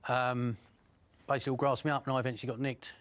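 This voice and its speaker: A middle-aged man speaks in a mid-range voice. He tells his story bluntly and swears often. His talk is broken by pauses and fillers. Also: medium pitch, level tone, a bit bright, dry recording. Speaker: former criminal interviewee. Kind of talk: first-person recollection.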